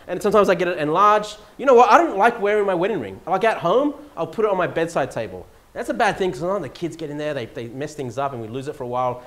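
A middle-aged Australian man preaching a sermon in a church, conversational with rising emphatic peaks. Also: high voice. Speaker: pastor.

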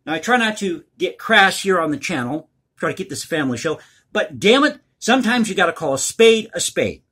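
A man's voice: high-pitched, sing-song, brisk, a bit bright, breathy edge. A man hosting his own channel, giving blunt, crass, opinionated commentary on the news. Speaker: political commentary host.

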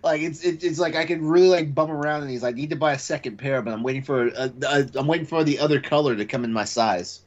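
A man hosting a gaming podcast, animated and laughing often as he talks. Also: fairly high pitch, quick pace, few pauses. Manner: animated, laughs a lot, filler-heavy. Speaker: podcast host. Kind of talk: casual chat. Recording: dull lo-fi audio.

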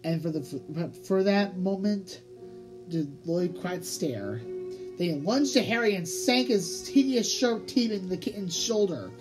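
A woman narrates a children's storybook in a slightly low voice, stretching out words for dramatic effect. Music plays steadily beneath her reading. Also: poor audio. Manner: expressive, drawn-out emphasis. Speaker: audiobook narrator. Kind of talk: storybook read-aloud narration.

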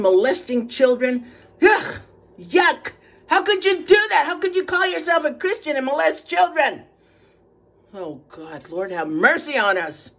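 A woman in her seventies, alone in a small apartment, preaching fervently in a monologue recorded for social media. She breaks into hallelujahs and moves between hushed prayer and high calls. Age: 70s. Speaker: Facebook video speaker.

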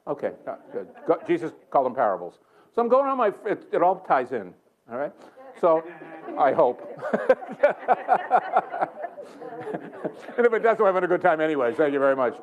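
A man's voice: a little high, very animated, moderate pace, long pauses, phone-quality sound. A man preaching a sermon in a church, telling a story with lots of chuckles and self-mocking humor. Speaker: guest preacher. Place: church sanctuary.

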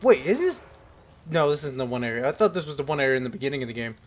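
A young man with a slightly high, expressive voice talks fairly quickly in a fairly bright tone, with a little hiss or hum in the background. He's a gaming commentator playing a horror game into a headset, rambling casually, nervous and joking as he addresses the characters on screen.

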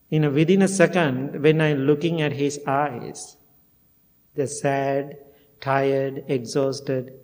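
A middle-aged Buddhist monk with a medium-pitched, slightly mellow voice tells stories in a heartfelt dharma talk. Now and then he laughs at himself, and the temple meditation hall gives the recording long reverb.

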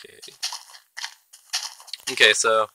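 A man's voice: very slow, sharp tone, a little hiss or hum, low-quality recording. A man hosting his own gaming channel, giving casual, chatty commentary as he plays and talking to the creatures in the game. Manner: chatty, talks to himself and the game mobs.

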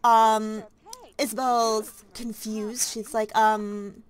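A woman's voice: on the high side, measured pace. A woman narrating a life-simulation game in a chatty, anxious way, full of fillers. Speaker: let's play host.

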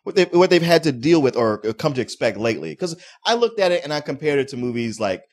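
A man's voice: a little high, very animated, quick pace. A man co-hosting a movie review show, giving his take in an easygoing, casual way. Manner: easygoing, laughs along, restarts his sentences. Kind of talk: casual chat.

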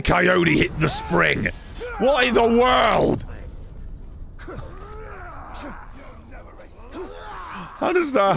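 A man streams a game and talks back to it with sarcasm and plenty of swearing. His voice is gravelly and a little high, and it leaps around in pitch as he reacts. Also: a bit bright. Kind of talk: live gameplay commentary.

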